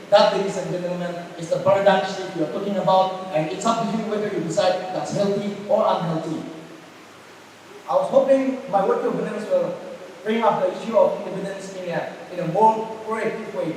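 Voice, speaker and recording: A young man with a Naga accent giving a formal, emphatic debate speech as a competing speaker. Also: high voice. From Nagaland, India. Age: young adult. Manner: rhetorical, emphatic, building to forceful points. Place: school hall. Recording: echoey hall, distant mic, faint hiss.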